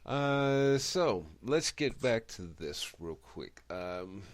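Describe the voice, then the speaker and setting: A middle-aged man with a very low, deep voice hosts a radio interview. He talks in a chatty, rambling way and keeps correcting himself mid-sentence. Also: very animated, extremely slow. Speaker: radio show host.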